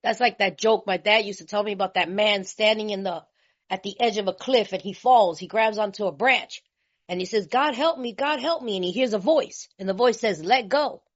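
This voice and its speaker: A woman from California speaking at a recovery meeting, telling her story in a lively, colloquial way and laughing often. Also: medium pitch, brisk. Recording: slightly muffled lo-fi recording.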